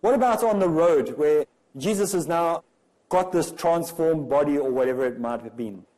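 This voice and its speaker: A man's voice: fairly high pitch, normal speed, darkish tone, low-quality recording. Man lecturing with rhetorical questions. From South Africa. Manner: rhetorical, emphatic, many questions. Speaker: religious lecturer. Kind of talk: comparative religion lecture.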